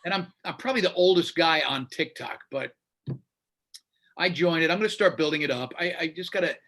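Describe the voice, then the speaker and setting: A man's voice: a little high, a little fast, fairly bright tone. A man in his fifties, a radio host being interviewed, talking bluntly and with animation in casual chat. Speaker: radio show host, guest.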